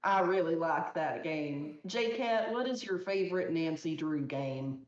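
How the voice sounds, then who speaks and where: Unhurried low-voiced woman, runs the game, dry jokes; echoey muffled room audio. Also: animated. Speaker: speedrunner. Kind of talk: casual commentary over a game run. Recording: dull echoey recording.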